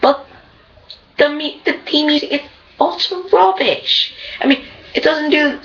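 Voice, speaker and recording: A woman's voice: high voice, lively intonation, unhurried, gravelly, fairly bright tone, slight background noise. A woman ranting in a casual, digressive monologue as a fan commentator. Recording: dull lo-fi recording.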